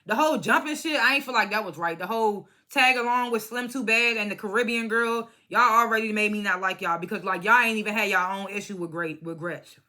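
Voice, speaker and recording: A reality TV recap vlogger, a young woman, reviews a show in a brisk, casual rush with hardly any pauses. Her mid-range voice is pushed and bright, and she curses bluntly, airs strong opinions, and mimics the cast.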